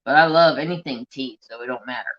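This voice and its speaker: A man's voice: medium pitch, quick pace. A man from the United States hosting a crafting channel, chatting casually on a live stream, telling stories and reading out viewer comments. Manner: chatty storyteller, reads viewer comments aloud. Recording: dull lo-fi sound.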